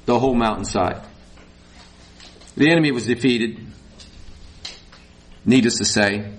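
A man preaching a sermon in a folksy, animated way, rising to high emphatic peaks. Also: a little slow. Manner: folksy, says y'all.

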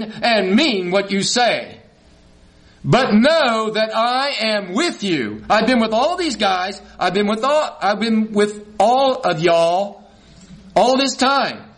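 High-voiced preacher leading call-and-response. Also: male voice, a bit bright, low-quality recording. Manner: leads congregation in call-and-response, folksy asides. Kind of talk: sermon.

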